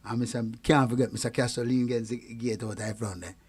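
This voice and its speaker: A man with a Jamaican accent, a guest singer telling lively anecdotes in patois and acting out the people he quotes. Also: mid-range voice, quick pace, husky. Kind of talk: anecdotal storytelling chat.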